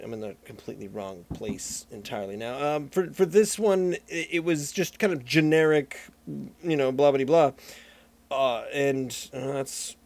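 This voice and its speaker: A man co-hosting a casual talk podcast, who often restarts and trails off mid-sentence. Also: medium pitch. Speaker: podcast co-host. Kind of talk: casual chat.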